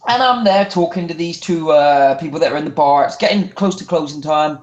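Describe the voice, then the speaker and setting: A man, a guest wrestler telling stories in a casual interview. He talks in an animated way, restarts his sentences often and acts out other people's voices. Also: fairly high pitch, brisk, reverberant, highs cut off.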